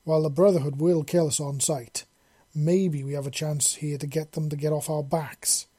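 A man reading as a calm, reasoning male ally. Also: fairly high pitch, moderate pace, husky. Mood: persuasive. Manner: reasoning, persuasive.

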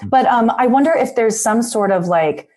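A woman guesting on a podcast as a sleep expert, chatty and animated, filling her speech with "like". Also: on the high side, normal speed. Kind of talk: casual podcast chat.

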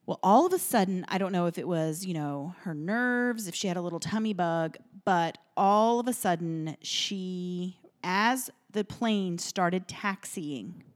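Female podcast co-host, casual storyteller, emotional and animated, chatty with fillers, recorded at a home kitchen table. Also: fairly low pitch, measured pace, hardly any pauses.

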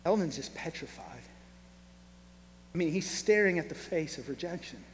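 Animated male pastor in a reverberant hall. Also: fairly high pitch, moderate pace. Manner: animated storyteller, acts out quoted voices. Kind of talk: sermon storytelling. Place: church hall. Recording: reverberant hall, faint hum.

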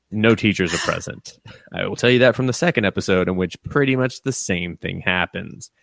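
A man's voice: on the low side, a little fast, fairly bright tone, no room sound. A man co-hosting an anime podcast, casually retelling episodes with lots of swearing, laughter and quoted character voices. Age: adult with a young son. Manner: profane, laughing, acts out scenes in quoted voices. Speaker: podcast co-host. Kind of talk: casual anime review chat.

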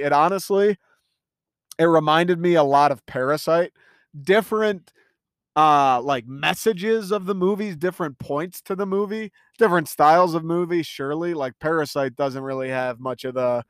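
A man's voice: fairly high pitch, moderate pace, smooth, dry recording, clean studio sound. A young man talking through a casual movie review, enthusiastic and rambling, swearing freely.

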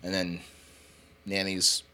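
A man's voice: deep voice, completely flat delivery, slow, bright, forceful tone. A young man in his twenties, casually telling rambling stories on a podcast, swearing and laughing often. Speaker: podcast co-host. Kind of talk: casual chat.

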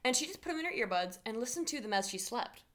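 A woman telling a funny story in casual chat, animated and laughing. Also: on the high side, fast.

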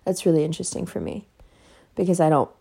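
A woman's voice: on the low side, quick pace, gravelly, mellow, husky. A woman hosting a podcast in a casual, rambling monologue, blunt and emphatic, swearing heavily. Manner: loose, rambling asides. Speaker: podcast host.

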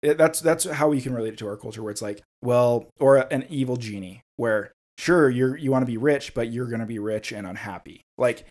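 Guy on a gaming podcast, mid pitch, gets hyped, reads a passage out slow and steady. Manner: excitable, reads a passage aloud in a measured storytelling voice. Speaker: podcast co-host. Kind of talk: casual chat about a video game.

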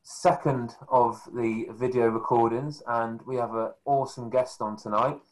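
A man's voice: mid-range voice, steady tone, measured pace, poor audio. Man hosting a podcast interview. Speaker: podcast host.

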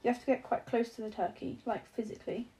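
A woman voicing a drowsy, dry-witted young man, teasing in a deadpan, mock-solemn way. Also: a little high, fast talker, close to an everyday voice.

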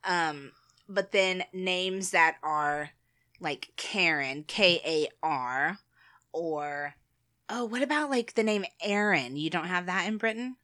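American woman podcasting, kinda low, bright tone, laughs a lot. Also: animated. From United States. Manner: chatty, laughs often, explains slowly. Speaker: podcast co-host. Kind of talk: casual chat.

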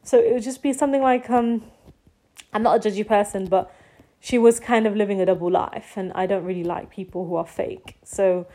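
A woman's voice: medium pitch, brisk, warm tone. A young woman vlogging in a casual, confessional monologue, rambling and full of fillers like "like" and "you know.".

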